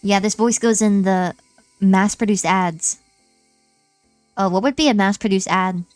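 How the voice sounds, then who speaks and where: A woman's voice: medium pitch, a little slow, dry recording, faint music behind, rough recording. A young woman streamer chatting playfully while testing voice filters. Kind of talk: casual stream chat.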